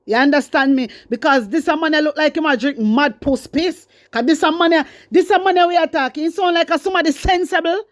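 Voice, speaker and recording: A woman's voice: high voice, fairly quick, hardly any pauses, no echo, clean studio sound. A woman with a Jamaican accent giving fiery, scolding news commentary, repeating herself for emphasis. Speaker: commentary host.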